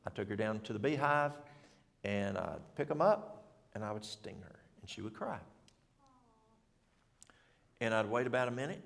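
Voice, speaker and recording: A man's voice: fairly low pitch, gravelly. A middle-aged man giving an informal health talk at a church, rambling in a folksy way and correcting himself as he goes. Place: church hall. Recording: long hall reverb.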